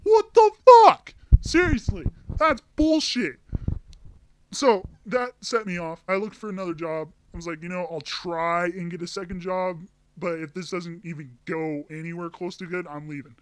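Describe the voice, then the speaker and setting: A man's voice: on the high side, steady tone, normal speed, fairly bright tone, clear, resonant tone. A young man ranting to camera, telling a heated, profane story about a bad job with angry outbursts. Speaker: vlogger. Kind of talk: angry personal rant.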